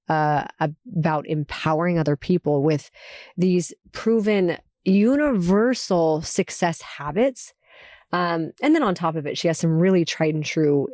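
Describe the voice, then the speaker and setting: A woman hosting a podcast, introducing this week's episode in a relaxed, affectionate way with frequent ums. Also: on the low side, no echo, clean studio sound. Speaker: podcast host.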